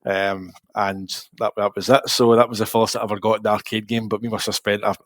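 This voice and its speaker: A Glaswegian man in his forties, a podcast co-host telling lively, rambling stories in casual chat. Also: fairly low pitch, brisk, dry recording. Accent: Scottish, Glasgow. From Scotland. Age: 40s. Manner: lively, rambling anecdotal storytelling.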